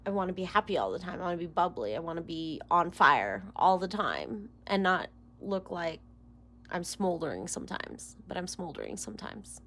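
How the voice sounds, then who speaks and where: A woman's voice: on the low side, very animated, moderate pace, a bit bright, a little hiss or hum. A woman doing a casual tarot reading to camera, emotional and close to tears, rambling and dropping into whispers. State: near tears. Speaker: tarot reader.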